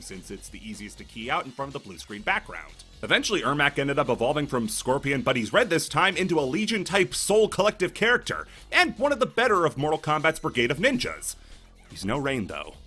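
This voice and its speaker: A man's voice: medium pitch, bright, forceful tone. A man hosting a comedic video essay, narrating with sarcastic, jokey asides.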